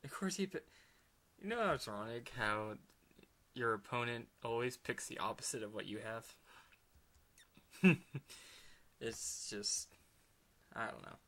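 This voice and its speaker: A man giving excitable let's play commentary, laughing often and slipping into whispered asides. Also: medium pitch, measured pace, pauses often. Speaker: gamer.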